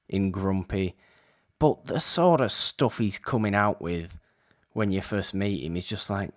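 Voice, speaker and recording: A man co-hosting a podcast, chatting casually about an old film in an animated, exasperated, rambling way. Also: fairly low pitch. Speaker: podcast co-host.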